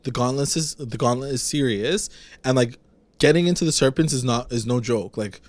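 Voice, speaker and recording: A man co-hosting a casual podcast, with a voice of middling pitch. He recaps a TV episode in animated chat, slipping into the characters' lines as he goes. His talk is loose and full of fillers. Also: moderate pace, no room sound. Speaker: podcast co-host.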